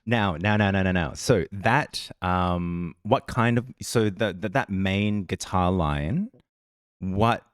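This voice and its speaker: Deep-voiced Australian man, rambling and chatty. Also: slow, clean tone, dry recording, clean studio sound. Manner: rambling, chatty storyteller who laughs often. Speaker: podcast co-host. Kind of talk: casual music reaction chat.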